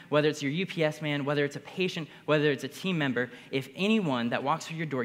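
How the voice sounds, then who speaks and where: A young man telling a keynote story to a crowd, his voice surging with excitement. The sound rings with long reverb from a large hall. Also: a little high. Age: young adult. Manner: energetic, builds to bursts of excitement. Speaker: conference speaker.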